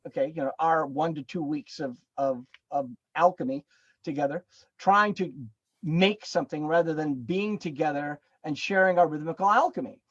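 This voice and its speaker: A man telling stories as a podcast guest, animated, acting out what people said, with lots of fillers and restarts. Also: on the high side, moderate pace, dry recording, muffled recording. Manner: animated storyteller who acts out quoted dialogue; chatty, with many fillers and restarts. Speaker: podcast guest, drum circle facilitator. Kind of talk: casual storytelling interview.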